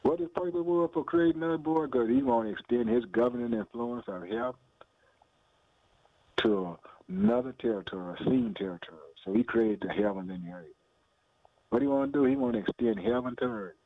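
A man's voice: medium pitch, fairly quick, dry recording. Man, radio preacher, call-and-response sermon, tinny lo-fi phone-band audio, very dry sound. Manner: call-and-response preaching, rhetorical questions, frequent "boy" and "man"; laughs between phrases, shouts hallelujah.

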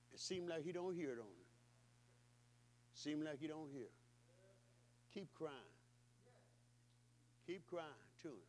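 A male pastor preaching in a high, ringing voice. He repeats his phrases in rhythmic waves, rising to loud calls and dropping to hushed, intimate passages, with call-and-response energy. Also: expressive, slow pace, pauses often, a little hiss or hum. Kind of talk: sermon.

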